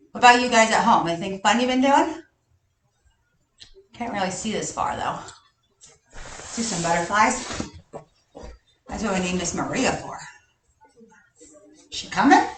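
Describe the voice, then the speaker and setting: Upbeat woman coach leading a live kids' workout class, slow unhurried delivery, heard from across an echoey gym. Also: medium pitch, lively intonation, fairly bright tone, recorded from a distance. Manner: cheerful, counts reps aloud, chuckles often. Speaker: gymnastics coach. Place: large gym. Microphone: camera a distance away.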